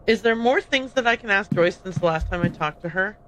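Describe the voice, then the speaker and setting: Excitable woman streamer, very animated. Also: mid-range voice, slight background noise, low-quality recording. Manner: excitable, jokey, self-deprecating, quick tangents. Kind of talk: livestream gameplay commentary.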